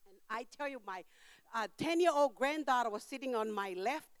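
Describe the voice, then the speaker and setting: An older woman preaching a sermon in church, telling a story with emphatic outbursts and quiet asides, in simple non-standard grammar. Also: fairly high pitch, lively intonation, moderate pace, clean tone, no room sound.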